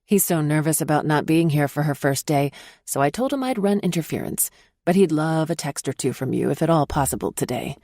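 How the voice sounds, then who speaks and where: A woman's voice: sits low, lively intonation, brisk, warm tone, no echo, studio quality. A woman voicing a chatty grandmother in her late forties who jokes about herself. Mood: earnest. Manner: wry, self-mocking.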